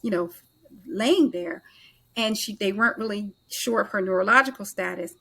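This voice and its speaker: A middle-aged woman, a podcast guest, telling a personal story in an animated way and acting out the dialogue of the people in it. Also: mid-range voice, vocal fry. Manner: animated storyteller who acts out others' dialogue in quick back-and-forth. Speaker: podcast guest, author and life transitions coach.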